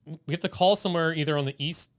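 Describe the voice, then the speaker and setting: A man co-hosting a live stream, chatting in a laid-back way and thinking out loud. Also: a little high, fast. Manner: laid-back, laughs often, thinks aloud. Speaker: stream co-host. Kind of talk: casual live-stream chat.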